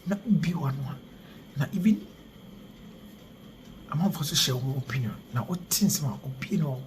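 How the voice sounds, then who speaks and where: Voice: mid-range voice, lively intonation, moderate pace, a little mellow, slight background noise. Theatrical news presenter. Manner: theatrical, dropping into whispers. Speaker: channel presenter. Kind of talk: dramatic news narration.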